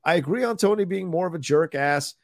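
A man's voice: on the high side, lively intonation, fairly quick, vocal fry, no echo, studio quality. A man co-hosting a live film podcast, chatting casually in a rambling way and reading viewer comments aloud. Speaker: podcast co-host.

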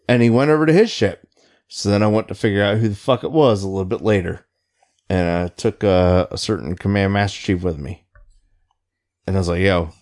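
A man with a somewhat low voice tells a rowdy story from his Navy days. He swears nearly every line and tells it with lively energy, casual and unfiltered. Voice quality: swears constantly, animated storytelling. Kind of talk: casual profane chat.

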